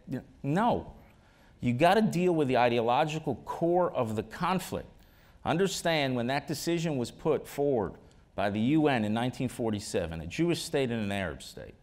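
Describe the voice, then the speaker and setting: A man's voice: medium pitch, lively intonation, moderate pace, a little mellow. A man speaking as a guest in an onstage conversation, making emphatic arguments with the odd wry joke. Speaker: ambassador, interview guest. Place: auditorium stage.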